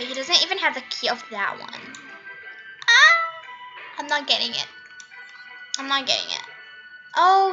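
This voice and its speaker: A woman giving casual, excitable commentary while playing a game, gasping and laughing at her own mistakes. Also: extremely high pitch, rough recording. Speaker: gaming channel host.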